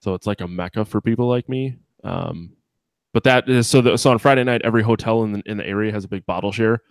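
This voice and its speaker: A man from Wisconsin with a Wisconsin accent hosts a casual podcast chat. He talks in a low voice, full of profanity and rambling asides. The sound is dry and close. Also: fast, no room sound. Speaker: podcast host.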